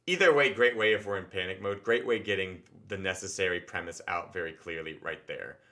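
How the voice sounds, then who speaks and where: A man hosting a show, casually breaking down a comedy set in an animated way, with quick asides and acted-out reactions. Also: low-pitched, noisy background. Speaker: show host reviewing standup. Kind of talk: casual analytical chat.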